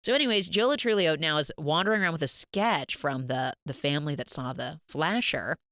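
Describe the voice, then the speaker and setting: A chatty woman host recapping a movie with lots of jokes. Her voice sits a bit low but swings widely, and it sounds dry and close to the mic. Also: brisk, no room sound. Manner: chatty, joking, animated storytelling. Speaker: podcast host. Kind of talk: casual film recap.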